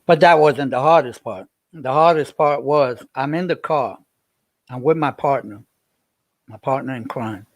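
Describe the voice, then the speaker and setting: A man's voice: medium pitch, a little slow, no echo. A man, livestreaming and chatting with viewers in a rambling way, repeating himself as he tells a story. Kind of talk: casual livestream chat.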